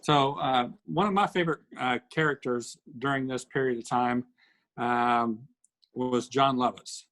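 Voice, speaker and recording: A man co-hosting a casual podcast, telling comedy sketches with lively bursts of acted voices. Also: mid-range voice, a little slow, poor audio. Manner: animated storyteller acting out sketch lines. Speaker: podcast co-host. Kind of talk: casual chat.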